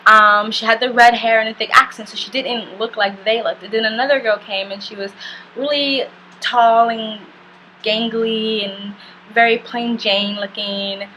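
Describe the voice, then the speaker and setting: Bright-voiced woman telling a candid travel story. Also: a little high, fairly even intonation, measured pace, a little hiss or hum, poor audio. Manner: candid and chatty, heavy use of "like"; blunt, swears casually. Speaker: travel vlogger. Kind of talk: casual storytelling to camera.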